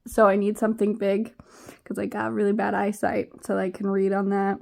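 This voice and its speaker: A young woman vlogging in a casual, rambling way, sounding low and tired, trailing off into fillers. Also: monotone, moderate pace, creaky, darkish tone. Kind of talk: casual vlog chat.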